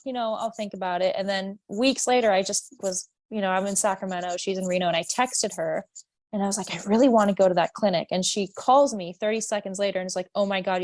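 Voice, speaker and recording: Twenties woman, lower voice, chatty guest full of fillers, dry booth. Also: no echo. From California. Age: 20s. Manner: candid, rambling with many fillers. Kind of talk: podcast interview.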